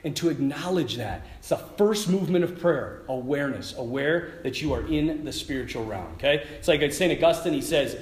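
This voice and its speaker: A man, a priest, giving an informal sermon at a prayer retreat, animated and laughing as he tells stories. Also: fairly high pitch, a little fast, hardly any pauses. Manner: animated, laughing, conversational storyteller. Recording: echoey room.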